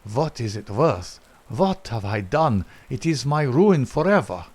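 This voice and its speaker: A man voicing a strong, bitter captured foreign spy who speaks slowly and grimly. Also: mid-range voice, big pitch swings, darkish tone, slightly rough, voice pushed up, exaggerated voice. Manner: slow, grim and resentful.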